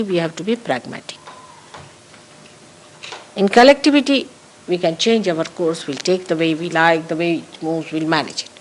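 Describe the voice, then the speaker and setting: A woman's voice: mid-range voice, low-quality recording. A woman giving a spiritual talk to followers, emphatic and repeating key phrases for stress. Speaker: spiritual teacher. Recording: 1982 archive recording of a talk.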